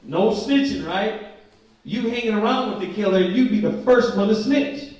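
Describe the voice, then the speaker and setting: A man teaching a Bible study, reading scripture slowly and with emphasis, then breaking into casual, slangy commentary. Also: sits high, a little mellow. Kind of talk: informal scripture study sermon. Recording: very echoey room from a distant mic.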